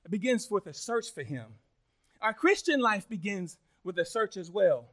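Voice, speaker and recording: A pastor preaching a sermon in an emphatic style, moving between loud calls to the church and soft, hushed prayer. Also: male voice, sits high, big pitch swings, moderate pace.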